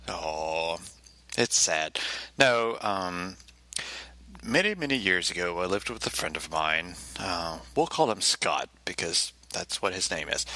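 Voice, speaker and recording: A low-pitched man with a bright, forward edge to his voice tells a personal story in a casual, wry and self-mocking way. He keeps the mood comic and brings in voiced impressions of others. The sound is dry and close, with very little room. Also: no echo. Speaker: podcast co-host.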